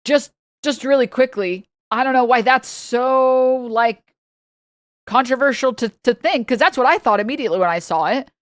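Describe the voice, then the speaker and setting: A woman's voice: high-pitched, normal speed, no echo, studio quality. A woman streamer in a casual reaction stream, ranting heatedly with a lot of swearing and talking straight to her chat. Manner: heated, profane, exasperated ranting.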